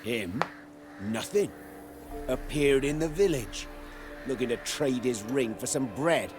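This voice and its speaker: Sarcastic, scornful villager. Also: male voice, mid-range voice, animated, slow pace. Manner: sarcastic, dismissive. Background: game music.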